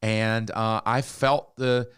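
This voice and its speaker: A man's voice: on the low side, slow pace, smooth, no room sound, studio quality. A man, co-hosting a podcast and telling a story, acting out the lines of the people in it. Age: 60s. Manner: animated storyteller, acts out quotes. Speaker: podcast co-host. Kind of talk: casual storytelling chat.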